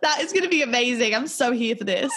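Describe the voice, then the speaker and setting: A woman co-hosting a casual chat, talking fast and scattered, swearing and giggling often. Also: fairly high pitch, expressive, noisy background. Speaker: podcast co-host.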